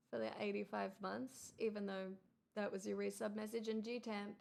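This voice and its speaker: A woman's voice: medium pitch, steady tone, normal speed, vocal fry, a little mellow. A woman hosting a casual livestream, chatting with viewers, thanking them in an exclamatory, wry way. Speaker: livestream host.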